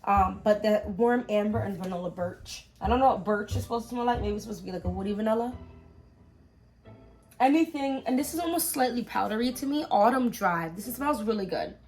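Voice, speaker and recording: A woman's voice: mid-range voice, fairly quick, soft background music. A woman with an American accent, chatting to camera about scents she has bought and talking straight to her viewers. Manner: chatty, animated, talks to viewers directly. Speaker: fragrance vlogger. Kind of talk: casual haul review to camera.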